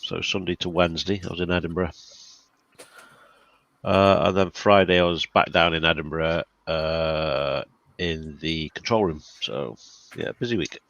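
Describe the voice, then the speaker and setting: A man's voice: low voice, steady tone, unhurried, gravelly, fairly bright tone, no echo, highs cut off. A man co-hosting a casual livestream chat, wry and understated, talking into a computer mic. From United Kingdom. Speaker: co-host.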